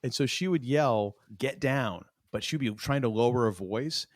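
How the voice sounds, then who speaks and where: A man's voice: medium pitch, moderate pace, no echo, studio quality. A man co-hosting a podcast, talking in a casual, rambling way and drifting into playful tangents. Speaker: podcast co-host. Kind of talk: casual chat.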